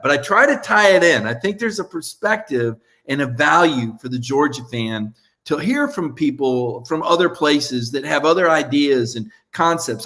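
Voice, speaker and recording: A man's voice: a little high, fairly bright tone. A man hosting a live sports show, wrapping up with a chatty, rambling monologue full of fillers and restarts.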